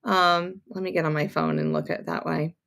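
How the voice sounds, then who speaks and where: This woman has a lowish voice with a gravelly fry running through it. She talks casually on a sewing livestream, greeting viewers one by one and rambling happily between topics. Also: steady tone, fairly quick, fairly bright tone. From upstate New York, near Montreal. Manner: chatty, greets viewers by name, rambling asides. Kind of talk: casual live-stream chat.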